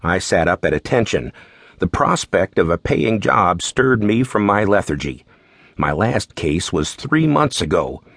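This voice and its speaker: Male narrator for a detective audiobook, low-ish voice, wry and easygoing, dry studio sound. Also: unhurried, gravelly, no room sound. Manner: wry, relaxed storytelling. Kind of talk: first-person audiobook narration.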